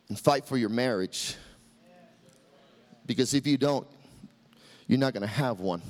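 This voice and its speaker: Impassioned high-pitched preaching man. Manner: impassioned preaching with shouted refrains, then wry asides. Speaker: pastor. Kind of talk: sermon.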